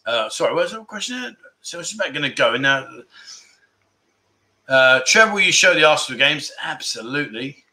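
Bright-voiced chatty man. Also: a little high, sing-song, moderate pace. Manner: chatty, effusive, keeps thanking viewers. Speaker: livestream host. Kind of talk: casual livestream chat.

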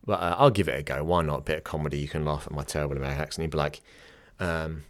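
A man's voice: rumbling low, rapid-fire. A man, a yoga teacher giving casual, direct teaching advice with chatty asides. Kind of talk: instructional talk.

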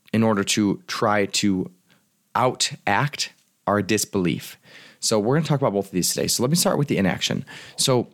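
Fast-talking, low-voiced male coach. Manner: casual, earnest, swears freely. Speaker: life and business coach. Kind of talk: solo podcast monologue.

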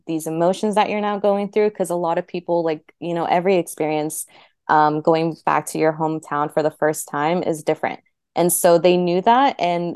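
A woman's voice: on the low side, darkish tone, clear, resonant tone, no room sound, clean studio sound. A young woman guest, chatty and heartfelt, telling her story and saying "like" often. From United States. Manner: chatty, heavy use of "like", heartfelt. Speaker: interview guest. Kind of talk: casual personal storytelling.

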